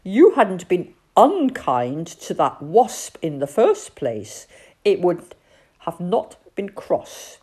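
A woman voicing a timid, jumpy toad who speaks in a squeaky, anxious way, in a storybook reading. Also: very animated, slow pace, a little mellow, husky, full character voice.

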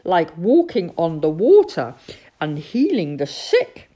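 A woman's voice: lowish voice, huge pitch swings, takes it slowly, dark tone, exaggerated voice. A woman voicing an earnest male bird captain in a storybook.

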